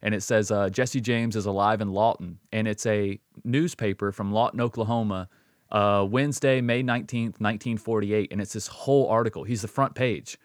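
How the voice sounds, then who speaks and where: A man's voice: on the low side, fairly even intonation, moderate pace, no echo, clean studio sound. A man co-hosting a podcast in casual chat, easygoing, swearing freely and calling his friend bro and dude. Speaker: podcast co-host.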